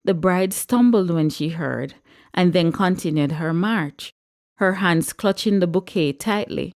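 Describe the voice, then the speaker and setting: A woman, reading a story aloud in a measured, expressive way. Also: lowish voice. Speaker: audiobook narrator.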